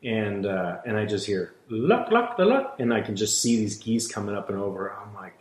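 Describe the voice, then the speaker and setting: A man's voice: fairly low pitch, fairly even intonation, brisk, darkish tone. A man who works as a hunting guide, telling stories bluntly in casual podcast talk, swearing freely and acting out the dialogue. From Washington State, USA. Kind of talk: casual storytelling. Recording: roomy echo.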